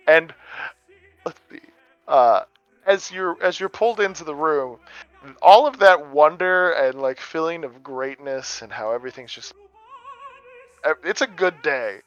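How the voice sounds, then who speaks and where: A man's voice: fairly high pitch, expressive, slow, long pauses, a bit bright, no room sound. A man from the American Midwest running a tabletop game as game master, narrating loosely with plenty of fillers. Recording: dull lo-fi audio, faint music.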